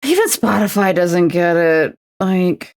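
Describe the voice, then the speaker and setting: A lowish, slightly mellow female voice, animated yet measured in pace. The Canadian streamer, in her twenties, keeps up casual chat while painting a miniature, playful and self-mocking with the odd announcer voice.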